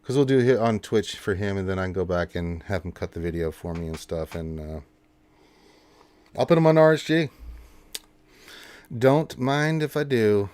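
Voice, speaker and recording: A man with a lowish, smooth voice chats at a desk mic and rambles with lots of fillers as he wraps up a livestream. The sound is close and dry, with no room echo. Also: animated, fairly quick, darkish tone. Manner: loose, rambling, full of fillers. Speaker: livestream host. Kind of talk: casual stream chat and sign-off.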